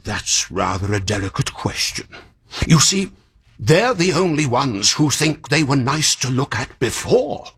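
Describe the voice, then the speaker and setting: An actor playing a kindly, fussy old magician in a radio drama, chatty and musing, sighing and yawning, with a breathy, husky voice. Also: male voice, mid-range voice, animated, a little slow, fairly bright tone, exaggerated voice. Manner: chatty and musing, with sighs and yawns.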